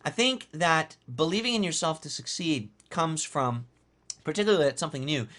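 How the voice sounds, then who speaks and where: A man's voice: mid-range voice, sharp tone. A man giving a motivational talk as a business coach, emphatic and conversational, and he repeats phrases for effect. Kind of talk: motivational talk recapping a webinar.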